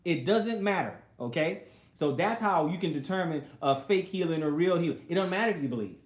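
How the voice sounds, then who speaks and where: A man's voice: a little high, lively intonation, fairly quick. Man preaching, reading scripture in a roomy space. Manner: reads scripture then paraphrases it in everyday speech, acting out the characters. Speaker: pastor. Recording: roomy echo.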